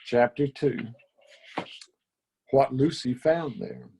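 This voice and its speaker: Man reading a storybook in a mellow voice. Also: mid-range voice, expressive, takes it slowly, vocal fry, slight background noise. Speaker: grandfather reading aloud. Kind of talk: storybook read-aloud.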